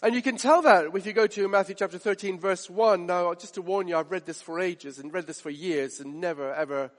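Male preacher, high voice, emphatic and repetitive, long hall reverb. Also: brisk. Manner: emphatic, builds stakes with repetition and rhetorical questions. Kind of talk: sermon.

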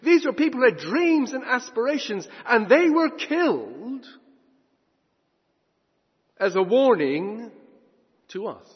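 A man preaching a sermon, emphatic, swinging between loud declarations and hushed asides. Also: very high voice, big pitch swings, takes it slowly, pauses often, breathy edge. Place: church hall. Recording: dull recording in a long-reverb hall.

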